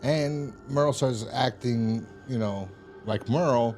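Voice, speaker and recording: A man's voice: mid-range voice, slow, darkish tone, soft background music. A man casually recapping a TV episode, rambling and swearing, with exasperated asides. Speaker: TV episode reviewer.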